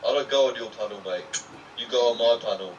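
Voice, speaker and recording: A man's voice: mid-range voice, fast talker. A man hosting a live-stream panel, arguing in a combative, taunting way and repeating himself. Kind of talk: heated live-stream argument. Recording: distant lo-fi mic with faint noise.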